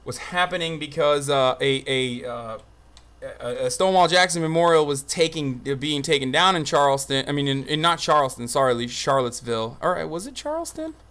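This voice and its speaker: A man's voice: fairly high pitch, lively intonation, brisk, a bit bright. A young man streaming live commentary, rambling, swearing and easily exasperated, recorded on a phone. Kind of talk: livestream commentary.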